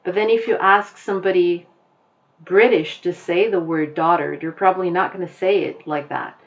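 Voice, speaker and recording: A woman with an American accent teaching a lesson, explaining deliberately and repeating her key points. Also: on the low side, fairly even intonation, muffled recording.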